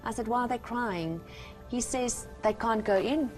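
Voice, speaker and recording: A woman's voice: a little high, measured pace, soft background music. A woman from South Africa with a South African accent, giving an earnest, emphatic testimony as a guest on a Christian talk show. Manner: earnest, emphatic, retells conversations with God.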